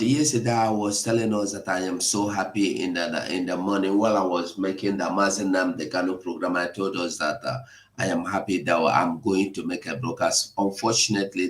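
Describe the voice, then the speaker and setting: A man hosting an impassioned live broadcast, pleading and emotional, at times rising to shouts. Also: sits low. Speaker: online broadcast host. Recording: echoey room.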